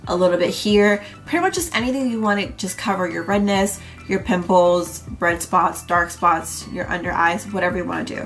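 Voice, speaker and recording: A woman's voice: fairly low pitch, a bit bright. A young woman vlogger, a little congested, chatting through her everyday makeup routine in a rambling casual way with lots of fillers. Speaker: beauty vlogger. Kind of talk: casual makeup tutorial chat.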